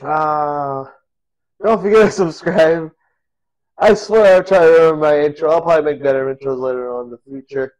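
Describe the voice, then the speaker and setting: A man with a slightly high voice talks his way through a home cooking video. He is goofy and rambling, laughing at his own jokes. He sounds like he is in his own kitchen. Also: normal speed, darkish tone, rough recording. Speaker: cooking vlogger. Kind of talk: casual cooking vlog.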